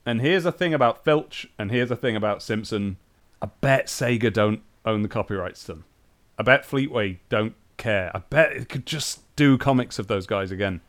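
A man's voice: lowish voice, normal speed, fairly bright tone. A man co-hosting a casual chat about comics, enthusiastic and laughing often. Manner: enthusiastic, giggly, chatty. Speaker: podcast co-host.

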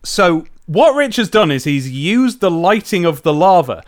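A man's voice: sits high, big pitch swings, measured pace. A man co-hosting a casual chat podcast, talking enthusiastically and animatedly, often breaking off and restarting. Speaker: podcast co-host.

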